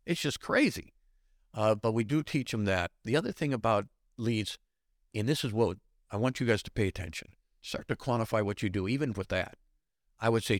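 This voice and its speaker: Animated older man acting out quotes. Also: lowish voice, a little fast, no room sound, studio quality. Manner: acts out quoted dialogue in shifting voices. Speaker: guest, retired police lieutenant and trainer. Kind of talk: animated podcast interview.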